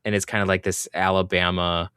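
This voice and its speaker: Low-voiced man, rambling casual recap. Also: flat delivery, fairly quick, bright, forceful tone, clear, resonant tone, no echo, studio quality. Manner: rambling, filler-heavy recaps. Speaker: podcast co-host. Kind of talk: casual chat.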